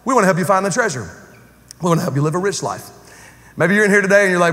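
A man preaching a lively sermon to a church congregation, joking and conversational with casual slang. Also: high voice, racing, long pauses, in a large hall. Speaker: pastor. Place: church sanctuary with live congregation.

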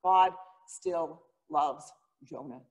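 A woman's voice: sits low, very slow, highs cut off. A woman pastor giving a sermon, telling the story in an earnest, dramatic way. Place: church sanctuary. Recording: long reverb of a church hall.

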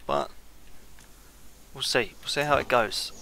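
A man's voice: medium pitch, unhurried, gravelly, background noise. A man giving casual let's-play commentary on a strategy game, thinking aloud and trailing off mid-sentence. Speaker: gameplay commentator.

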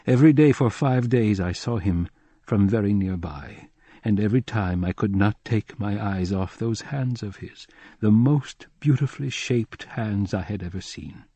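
A man reading a literary novel aloud in the first person, in a measured, grave and deliberate way. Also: lowish voice, warm tone, breathy edge, dry recording. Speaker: audiobook narrator.

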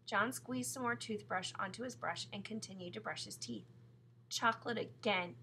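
A woman reads a children's chapter book aloud in a steady, clear storytelling manner. Her tone is bright and crisp. A faint hum sits under the recording. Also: medium pitch, moderate pace, poor audio. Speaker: narrator.

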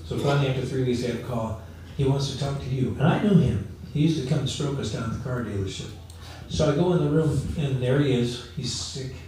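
Speaking quickly in a mellow, mid-range voice, a middle-aged male pastor gives a conversational, story-driven sermon, performing the quoted characters himself. The mic sits far away in a highly reverberant room, and there's slight hiss or hum on the audio.

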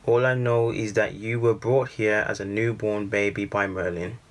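A man reading the lines of a gentle, grieving foster father in a storybook. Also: fairly low pitch, level tone, normal speed, natural voice. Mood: sorrowful. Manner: gentle and sorrowful.

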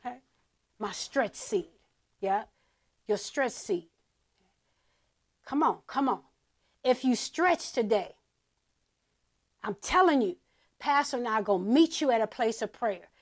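A woman's voice: fairly high pitch, lively intonation, a little slow, long pauses. A woman, a pastor's wife, leading a church offering appeal in an emphatic sermon style, repeating her calls to the congregation. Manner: emphatic, repetitive exhortation. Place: church service streamed online.

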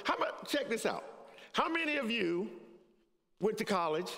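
An older male pastor with a high, tenor-ish voice, preaching and sharing his testimony. He drops to a hush, then rises to a preacherly call, chuckling at his own story. His words ring out with a long tail of reverb through a big church hall. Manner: swings from hushed to raised, preacherly. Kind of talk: sermon with personal testimony. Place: church sanctuary.

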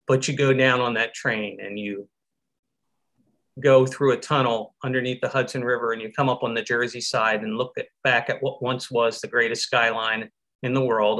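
A middle-aged man from Philadelphia, a survivor giving an earnest, reflective talk over a live stream, with soft laughs now and then. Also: medium pitch. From Philadelphia, USA. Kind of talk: personal storytelling talk. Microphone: video call from home.

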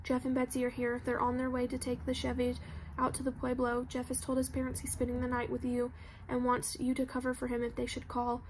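A woman's voice: high voice, monotone, a little fast, slight background noise, close to an everyday voice. A woman voicing an anxious teenage girl who talks in a shaky, stammering way.

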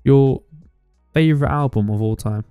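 A man co-hosting a podcast, relaxed and wisecracking in casual chat. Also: medium pitch, moderate pace, clean tone, no echo, phone-quality sound, faint music behind. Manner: relaxed, wisecracking, laughs often. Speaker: podcast co-host.

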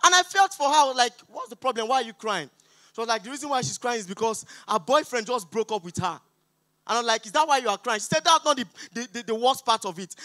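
High, bright-voiced Nigerian comedian. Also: male voice, no echo. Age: young adult. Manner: loud, pleading and mock-outraged with the crowd. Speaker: stand-up comedian. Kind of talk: stand-up comedy set. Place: auditorium stage.

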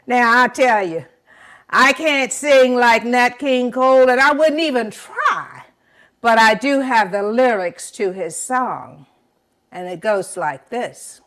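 A woman storyteller spinning a folk tale in a slow, rhythmic telling. Her fairly high voice swells and drops for dramatic effect as she builds each scene. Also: fairly bright tone.

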